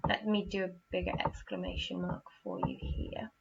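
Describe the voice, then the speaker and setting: A woman's voice: lowish voice, wildly swooping pitch, moderate pace, gravelly, muffled recording, heavy background noise. A woman teaching a primary school literacy lesson, patiently repeating "okay?" and acting out example sentences with expression. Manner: patient, repeats "okay?" after each point.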